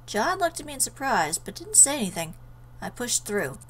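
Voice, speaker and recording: A woman's voice: a little high, very animated, moderate pace, fairly bright tone, slight background noise, low-quality recording. A woman reading a visual novel aloud in an earnest way, breaking off for emotional asides. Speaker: let's player.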